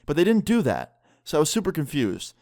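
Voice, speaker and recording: A young vlogger casually retells a personal story for a storytime video, leaning heavily on "like" and quoting dialogue. His voice is a little high and darkish, with huge pitch swings and a fairly quick pace.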